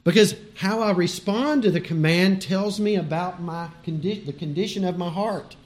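A preacher with a high male voice. He talks to his congregation like friends, leans hard on his key words, and chuckles now and then between his points. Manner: conversational, emphatic, laughs between points. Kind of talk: sermon.

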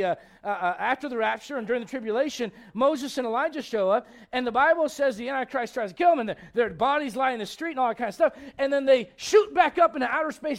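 Man, pastor, very high voice, emphatic conversational sermon, acts out quotes.

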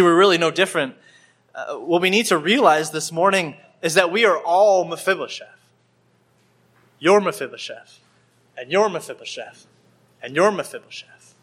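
Man preaching in church, bright forceful voice, slightly high, acts out scenes, repeats himself. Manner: acts out scenes with small shifts of voice, repeats words. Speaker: pastor. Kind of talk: sermon.

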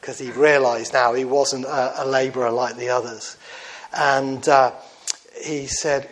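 A man telling a story in a sermon, in a conversational way with many fillers and restarts, dropping quiet for quoted lines. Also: mid-range voice, steady tone, a little slow. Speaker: preacher.

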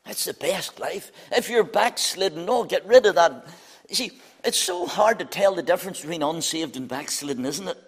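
A middle-aged man delivers an evangelistic sermon. His voice sits fairly high and swings between loud, urgent appeals and hushed low lines. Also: lively intonation, moderate pace, husky. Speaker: preacher.

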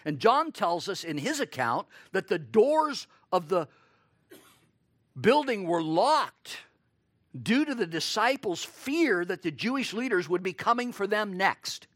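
A man preaching a sermon, expressive, acting out quoted lines and asking his listeners rhetorical questions. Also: high-pitched, unhurried, no echo, studio quality.

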